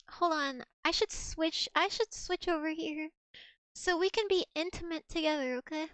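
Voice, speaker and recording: A young woman streaming, chatting in a giggly, mock-dramatic way. Her voice sits very high, and the sound is dry and close with no room around it. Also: normal speed, fairly bright tone, no echo. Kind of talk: casual chat reading old messages to chat.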